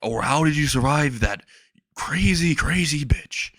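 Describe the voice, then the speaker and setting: A man's voice: fairly high pitch, animated, a little slow, fairly bright tone, dry recording, voice pushed up. A man doing an exasperated hero mentor. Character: bewildered adult male hero mentor.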